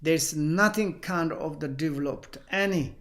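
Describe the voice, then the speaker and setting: A man giving a Buddhist teaching, retelling a story in halting non-native English with frequent fillers like "kind of". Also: a little high, fairly bright tone.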